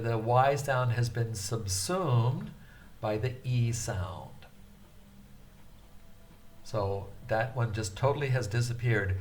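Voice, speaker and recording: An older man teaching a beginner language lecture, speaking patiently with frequent hesitations and carefully drawn-out syllables. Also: mid-range voice, slight background noise.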